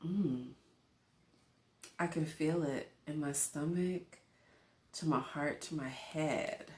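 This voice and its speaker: Reading tarot at home for the camera in front of her, this woman host chats casually and drifts from point to point, full of filler words. Her low voice is a little mellow and her pace slow, with reverberation in the recording.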